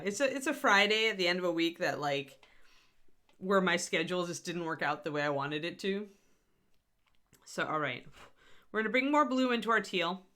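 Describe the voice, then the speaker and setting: A woman's voice: low-pitched, pushed and bright. A middle-aged woman hosting a live miniature painting tutorial, chatty and self-deprecating, talking through her steps with scattered asides. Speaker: host.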